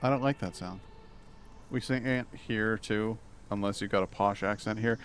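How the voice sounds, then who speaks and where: A man's voice: on the low side, moderate pace, a little hiss or hum. Chatty man streaming a game. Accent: New England. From Massachusetts. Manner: chatty, rambling, self-deprecating asides. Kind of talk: live game commentary.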